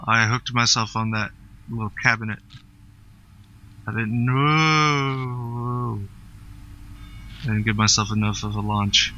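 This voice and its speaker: A man giving casual gameplay commentary as a gaming YouTuber, playful and excitable, laughing and swearing often. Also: lowish voice, takes it slowly, long pauses, muffled recording, a little hiss or hum.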